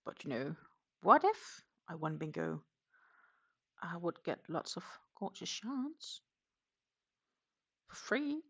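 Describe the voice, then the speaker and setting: Muffled audio carries a fairly low, breathy voice whose pitch swoops wildly, speaking slowly with frequent pauses. The speaker, a Danish crochet streamer with an accent mixing Danish, Dutch and English, chats casually from home, reading comments aloud with lots of fillers.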